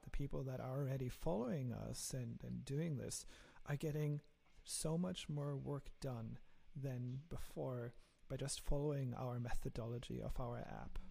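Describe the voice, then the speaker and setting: A man with a German accent speaks in a gravelly, mellow voice. He talks earnestly about his work in a casual interview, restarting phrases as he goes. His delivery is relaxed and unhurried. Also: medium pitch. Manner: earnest, repeats words while thinking. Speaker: startup founder.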